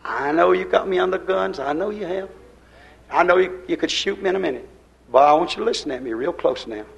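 A man's voice: high-pitched, lively intonation, a little fast, vocal fry, lo-fi sound. Fervent older preacher man. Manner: fervent preaching, swings between loud and hushed. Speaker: pastor. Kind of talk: sermon.

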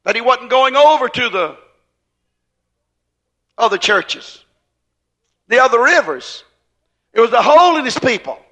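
A man preaching a sermon, folksy and storytelling, now and then rising to shouts. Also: extremely high pitch, very animated, unhurried, long pauses, dull audio.

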